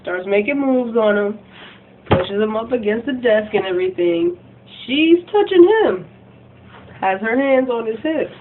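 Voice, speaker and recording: A woman vlogger ranting casually about a game, rambling and breathless, full of "like" and "freaking". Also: medium pitch. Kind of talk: casual rant retelling a game. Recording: tinny phone-like recording, faint hum.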